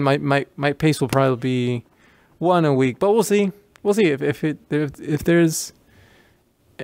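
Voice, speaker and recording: A man's voice: mid-range voice, creaky, smooth, no echo. A middle-aged man hosting a VR video, rambling casually through his sign-off with many restarts and self-deprecating asides. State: out of breath from moving around. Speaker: VR video host.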